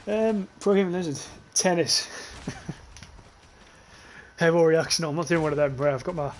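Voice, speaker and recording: A young man streams a shooter game, rambling casually and swearing while he reads chat aloud and laughs at it. His voice is fairly high and unhurried. There's a little hiss or hum in the recording.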